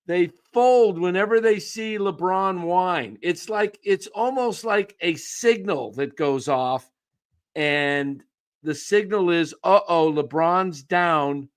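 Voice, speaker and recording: A man's voice: sits high, takes it slowly. A man ranting scornfully about a sports player to his viewers. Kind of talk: casual sports rant.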